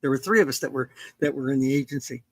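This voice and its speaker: An older woman author telling a story in casual conversation, animated, acting out dialogue with some restarts. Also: a bass voice, fast.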